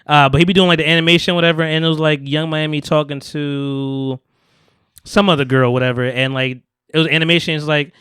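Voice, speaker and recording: A man's voice: on the high side, fairly even intonation, fairly quick, a bit bright, clean tone, no echo, studio quality. A man hosting a podcast, retelling a movie scene by scene in casual, profane chat and acting out the characters' lines. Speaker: podcast host.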